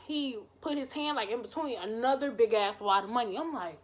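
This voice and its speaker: Lively woman telling a story, fairly high. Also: brisk. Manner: animated, acts out quoted dialogue, swears freely. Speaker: vlogger telling a personal story. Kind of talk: casual storytime.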